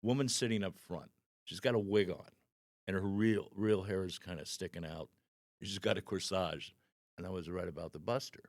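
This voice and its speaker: A man's voice: sits low, normal speed, no room sound, studio quality. A man in his sixties, a stand-up comedian guest, telling anecdotes animatedly in a casual podcast chat. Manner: animated storyteller, acts out the people in his anecdotes.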